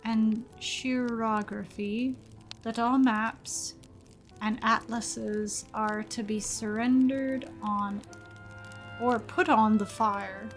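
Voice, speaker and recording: Earnest young male medic, story game character, voiced by a woman, slightly high, unhurried. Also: steady tone, faint music behind. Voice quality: plain reading voice, no put-on accent. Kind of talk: reading game dialogue aloud.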